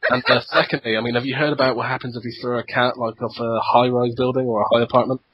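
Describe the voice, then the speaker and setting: A man's voice: medium pitch, little pitch movement, quick pace, husky. Joking man on a lo-fi podcast. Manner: joking, rambling, laughs often. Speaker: podcast co-host. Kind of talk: casual podcast chat. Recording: dull lo-fi podcast audio.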